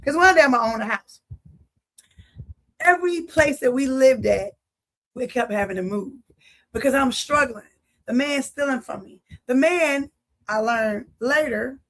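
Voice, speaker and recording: At a moderate pace with frequent pauses, a woman from Philadelphia delivers a personal testimony of faith in a fairly high, fairly bright voice. She's a vivid storyteller who acts out conversations and speaks to the audience directly in a preacherly style.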